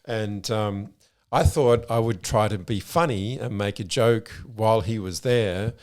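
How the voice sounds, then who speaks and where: A middle-aged man with an Australian accent, co-hosting a podcast in a relaxed, frank way with casual swearing. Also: lowish voice, a little slow. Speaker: podcast co-host. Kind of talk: casual conversational storytelling.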